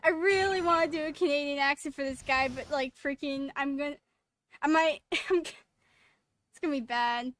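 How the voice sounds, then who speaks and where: A woman's voice: high voice, moderate pace, fairly bright tone, no echo. A woman streaming a game, making giggly, rambling side comments between lines. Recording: game music playing under the voice.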